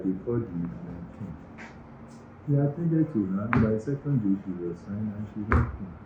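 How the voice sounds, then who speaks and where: A man's voice: on the low side, slight background noise. A middle-aged man with a Nigerian accent, a university medical director giving earnest, emphatic interview answers in an office. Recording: roomy, slightly dull recording.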